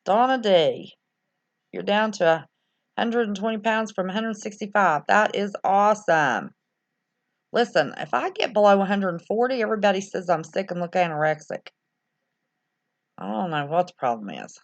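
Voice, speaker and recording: This livestream host rambles casually, reading viewer messages aloud and reacting as she goes. Her mid-range voice is expressive and moves at a moderate pace. It's captured in slightly dull lo-fi sound.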